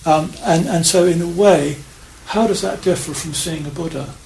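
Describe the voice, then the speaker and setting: A man giving an unscripted Dharma talk as a Zen priest, reflective and halting, with many restarts and fillers. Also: a little high, gravelly, a little mellow. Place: meditation hall of a priory. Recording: echoey room with faint hiss.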